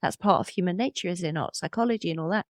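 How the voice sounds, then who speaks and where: A woman in her fifties, a podcast host and medium, telling personal stories in a candid, thoughtful way with soft laughs. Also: on the low side, racing, no room sound, studio quality. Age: 50s. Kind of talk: reflective interview conversation.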